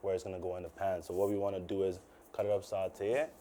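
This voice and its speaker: A man with an American accent, a guest chef explaining cooking steps in a TV studio with brisk confidence. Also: low-pitched, little pitch movement, dark tone, slight background noise.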